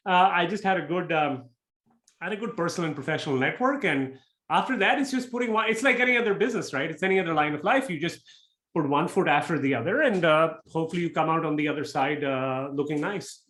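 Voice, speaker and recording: A man giving frank, blunt interview answers as a real estate investor, talking in quick bursts. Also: on the high side, lively intonation, a bit bright. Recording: echoey room.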